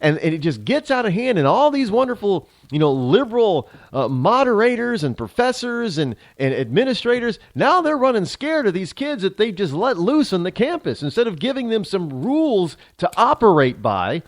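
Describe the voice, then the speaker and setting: A man's voice: high-pitched, sing-song, normal speed, dry recording, clean studio sound. A male talk show host delivering a sarcastic, ranting opinion monologue, switching into mock voices.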